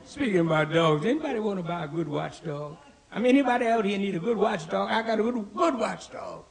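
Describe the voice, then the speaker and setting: A man doing stand-up, telling old-school jokes with a gravelly voice and jumping high in pitch for the people in his stories. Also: expressive, brisk. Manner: old-school punchline delivery, jumps up in pitch for quoted characters. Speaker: stand-up comedian.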